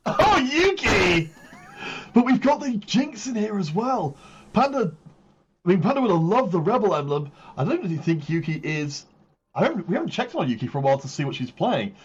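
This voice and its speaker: Husky-voiced man calling an esports match. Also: high-pitched, brisk, highs cut off. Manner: excitable, builds hype on big moments. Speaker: tournament caster. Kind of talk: live esports play-by-play commentary.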